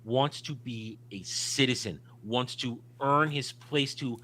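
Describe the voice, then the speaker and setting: A man's voice: mid-range voice, takes it slowly, sharp tone, a little hiss or hum. A man co-hosting a casual film discussion, talking emphatically and opinionatedly with frequent restarts. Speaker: podcast co-host.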